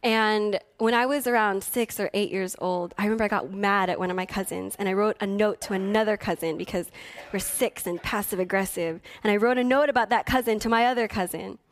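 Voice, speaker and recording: A woman's voice: medium pitch, fairly quick. A woman preaching a sermon, telling a personal story earnestly and building to impassioned declarations. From Philippines heritage. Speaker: pastor.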